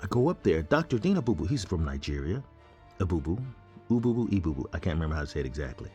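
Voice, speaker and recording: A man casually telling his own story to his audience in an animated, joking, conversational way. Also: low voice, fast talker, soft background music.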